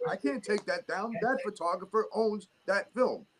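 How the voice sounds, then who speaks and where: A man's voice: high voice, moderate pace, a bit bright, slight background noise. A middle-aged man with a New York accent, ranting heatedly and cursing in a casual chat.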